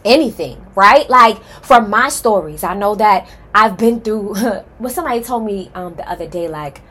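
A woman's voice: mid-range voice, animated, moderate pace, bright, forceful tone, husky. A woman hosting her own podcast, giving a heartfelt, emphatic solo introduction and speaking straight to her listeners. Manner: passionate and emphatic, addresses listeners as y'all. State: nervous and excited. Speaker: podcast host.

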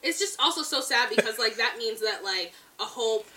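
A woman's voice: a little high, animated, brisk, far from the mic, a crowd in the background. A woman in her twenties co-hosting a podcast, chatting casually and animatedly, laughing often and saying "like" a lot. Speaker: podcast co-host. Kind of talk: casual chat.

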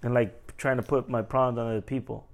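A man's voice: steady tone, fast. A young man co-hosting a casual podcast, chatty and joking, often acting out what other people say in a raised voice. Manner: chatty, jokey, acts out quotes in high voices. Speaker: podcast co-host. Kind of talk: casual chat.

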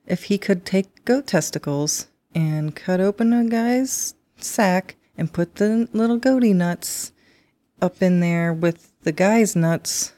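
Self-mocking podcast woman, lower voice. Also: dark tone, no echo. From United States. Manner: laughing and self-deprecating, quick asides. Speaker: podcast co-host. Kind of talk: casual chat.

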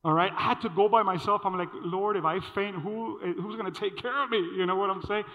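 A man preaching a sermon, telling a personal story in an animated way and acting out the dialogue. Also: high-pitched, a little fast. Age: adult. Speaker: pastor. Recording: dull sound with long hall reverb.

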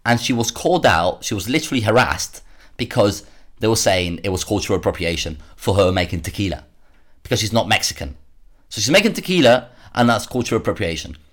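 A man's voice: lowish voice, very animated, a little fast, fairly bright tone. A man hosting a solo commentary podcast, worked up and sarcastic, often repeating words as he rants. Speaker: podcast host.

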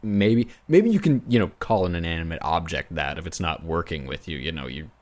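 A man's voice: low-pitched, lively intonation, a little fast, a little mellow. A young man co-hosting a podcast, chatting casually in an easygoing, reasoned way. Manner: easygoing, reasoned, laughs along. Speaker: podcast co-host. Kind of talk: casual chat.

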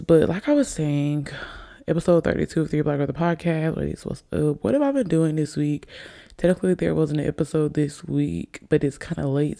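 A young woman hosts her own podcast in loose, rambling chat, a little tipsy and calling her listeners y'all. Her voice is low-toned and mellow with a gravelly, fry-laden edge. She speaks into a desk mic on camera. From Alabama, US. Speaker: podcast host. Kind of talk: casual solo podcast chat. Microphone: desk microphone on camera.

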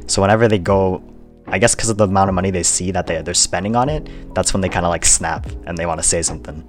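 Low-voiced young man, laid-back podcast chat. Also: fast talker, faint music behind. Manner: laid-back, laughs often, rambling with fillers. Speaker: podcast co-host. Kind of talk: casual chat.

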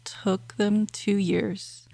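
A woman co-hosting a podcast, speaking in a calm and measured way. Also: medium pitch, vocal fry, no room sound. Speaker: podcast co-host. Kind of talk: casual podcast discussion.

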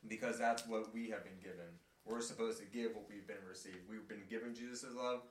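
A man leading a casual group Bible discussion. He reads scripture and acts out quotes in playful, animated voices. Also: on the low side, brisk. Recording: echoey room, mic at a distance.

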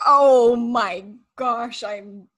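A woman's voice: on the high side, extremely slow, fairly bright tone. A young adult woman in casual chat, giggly and effusive.

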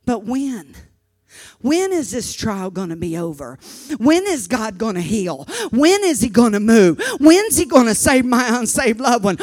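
A woman preacher telling a personal story in a sermon, impassioned, moving from hushed narration to shouting and often repeating words. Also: fairly high pitch, sing-song, unhurried, dry recording. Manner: repeats words when stirred.

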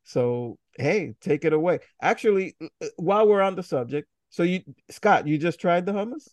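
A man's voice: high voice, expressive, moderate pace, no room sound. A man hosting a casual podcast, upbeat and laughing easily as he welcomes his co-hosts. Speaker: podcast host.

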